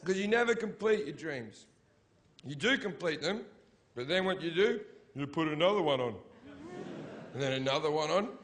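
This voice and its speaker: A man performing a stand-up set in a theatre, swearing constantly and swinging between shouted rants and low, mumbled asides. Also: expressive, normal speed, pauses often. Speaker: stand-up comedian. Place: sold-out theatre.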